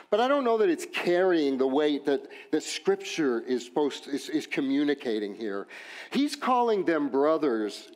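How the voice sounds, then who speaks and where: Pastor, male, West Texas accent, lively sermon delivery with quips and swooping pitch. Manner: animated, joking asides, rising emphatic questions.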